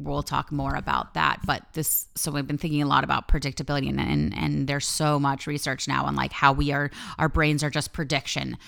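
A woman with a low voice and a gravelly edge, talking as a life coach in a podcast monologue. Her tone stays smooth and resonant underneath the fry, and she speaks candidly, swears freely, and leans hard on key words. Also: fairly bright tone. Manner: candid and profane, emphatic storytelling.

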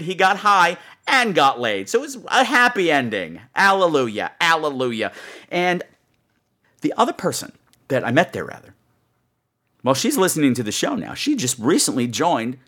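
Campy, lively male podcast host. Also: fairly high pitch. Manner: campy, chatty, theatrical. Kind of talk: casual monologue.

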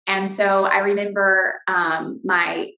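A middle-aged woman giving a personal faith testimony as an interview guest, earnest and halting, often restarting her sentences. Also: mid-range voice, level tone, sharp tone, reverberant, poor audio.

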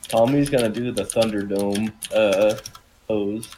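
A man playing a tabletop game, talking casually with brash, profane, excited bursts. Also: on the low side, unhurried, a little hiss or hum, low-quality recording. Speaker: player.

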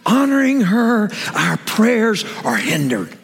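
A middle-aged man preaching a sermon as a pastor, with emphatic swings from raised shouts down to whispers. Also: high-pitched, wildly swooping pitch, slow, gravelly. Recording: long hall reverb.

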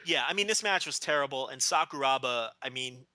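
A man co-hosting a podcast in casual chat, ranting loudly and combatively. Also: mid-range voice, lively intonation, fairly quick, no echo. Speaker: podcast co-host.

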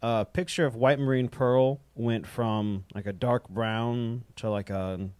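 A man's voice: mid-range voice, steady tone, measured pace, darkish tone, smooth, dry recording. A man in casual chat, rambling as he tells a story and acts out the dialogue he quotes. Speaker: drummer and guest.

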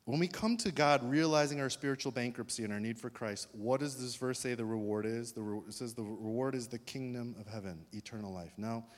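A man's voice: mid-range voice, a little fast, hardly any pauses. Man, pastor, conversational sermon, asks the room questions, long hall reverb.

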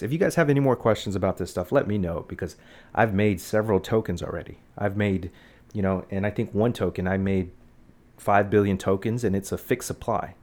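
A woman's voice: extremely low pitch, a little mellow. A woman hosting a casual podcast, rambling and self-mocking with frequent restarts. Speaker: podcast host.

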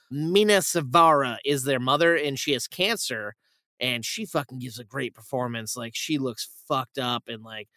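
Bright, crisp-voiced young man swearing casually. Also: medium pitch, normal speed, no room sound, studio quality. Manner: rambling, profane, animated retelling with acted quotes. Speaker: podcast host reviewing films. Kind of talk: casual chat.

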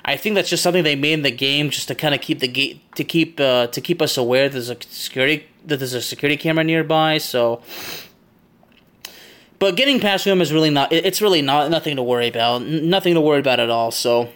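A podcast host with a somewhat raised pitch talks through a game level from memory. He wanders off on tangents and doubles back often. His delivery is casual and chatty, and he laughs easily. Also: fast, fairly bright tone.

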